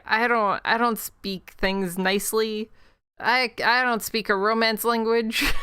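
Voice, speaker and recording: A Chicago woman with a Chicago accent livestreams a game, chatting casually and rambling into a desk mic with quick self-mocking asides. Her mid-range voice is smooth, pushed and bright, with vocal fry, and the sound is clean studio audio with no room sound.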